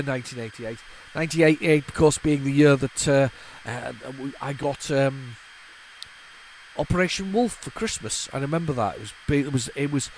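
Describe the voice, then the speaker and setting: A man's voice: fairly high pitch, slight background noise, poor audio. A man in his forties, hosting a retro gaming channel, rambling and nostalgic, with frequent stammering restarts and repeated words. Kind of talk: casual off-the-cuff commentary while loading a tape.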